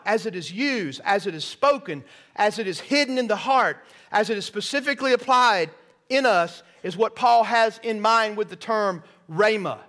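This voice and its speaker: A man's voice: high-pitched, a bit bright. A man preaching a sermon in a church, folksy and checking that the congregation follows along. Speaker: pastor. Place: church sanctuary.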